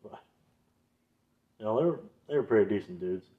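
Minnesota dude swearing thru stories, lowish voice, kinda muffled recording. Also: male voice, expressive, normal speed. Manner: loose, swearing, laughing storyteller. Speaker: podcast co-host. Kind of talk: casual chat. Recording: dull lo-fi sound.

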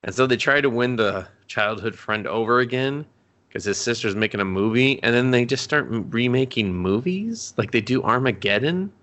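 A man's voice: medium pitch, lively intonation, moderate pace, a bit bright. A man co-hosting a casual podcast, rambling through an anime recap, swearing a lot and acting out the characters' lines. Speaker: podcast co-host.

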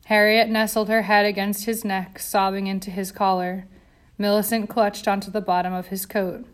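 Woman audiobook reader, mid pitch, tense dramatic narration. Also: level tone, normal speed.

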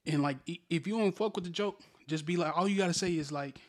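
A man's voice: sits high, fast talker. A young man co-hosting a casual podcast, telling a story loosely with slang and lots of profanity. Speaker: podcast co-host.

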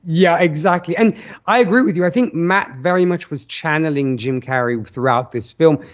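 A man's voice: on the high side, moderate pace. A man co-hosting a podcast, giving earnest film opinions in long, restarting runs. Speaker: podcast co-host. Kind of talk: casual film review chat. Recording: dull lo-fi audio.

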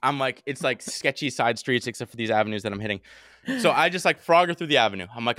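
A young man recounts a story at a rapid clip, his voice bright and forward. He talks in an animated, profane way and acts out his own yells. The mic sound is close and dry. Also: medium pitch, dry recording. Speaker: podcast co-host. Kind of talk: casual storytelling chat.

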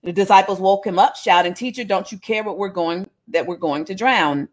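A woman preaches, reading scripture aloud and breaking off into casual, humorous retellings. Her voice sits at an average pitch. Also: moderate pace. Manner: animated storytelling, jokes and voices, casual asides. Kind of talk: sermon, reading scripture with commentary.

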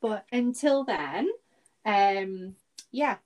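A woman's voice: mid-range voice, lively intonation, drawn-out words, low-quality recording. A British woman co-hosting a podcast in casual chat, talking in a chatty way and laughing easily. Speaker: podcast co-host. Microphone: remote recording.

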